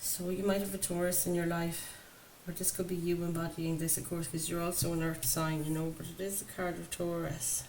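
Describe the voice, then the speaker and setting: Her voice is fairly low, level and darkish, and she talks a little fast with hardly any pauses. The woman gives her viewers an enthusiastic, chatty tarot reading full of laughter. It's a rough recording with faint background noise.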